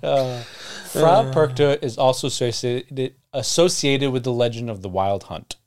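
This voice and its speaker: A man co-hosting a loose podcast conversation, cracking crude jokes and laughing often between facts. His voice sits at an ordinary middle pitch, and his telling is casual rather than polished. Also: measured pace, darkish tone. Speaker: podcast co-host. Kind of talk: casual chat.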